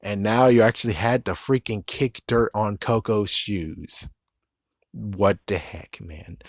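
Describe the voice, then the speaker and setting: A man's voice: fairly low pitch, lively intonation, measured pace, a little mellow, no room sound, clean studio sound. A man who vlogs, complaining in a casual, rambling commentary and often cutting himself off in exasperation. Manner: exasperated, rambling, self-interrupting. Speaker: vlogger.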